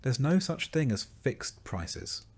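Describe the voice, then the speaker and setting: A man narrating a sleep story in a slow, soft and calm voice. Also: medium pitch, husky.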